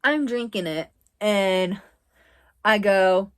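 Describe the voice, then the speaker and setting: A young woman from the US East Coast tells a story from her own life to camera. She talks casually and rambles, filling her sentences with "like" and breaking off into quick asides. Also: mid-range voice, smooth. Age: 20s. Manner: chatty, rambling with frequent "like". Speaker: vlogger.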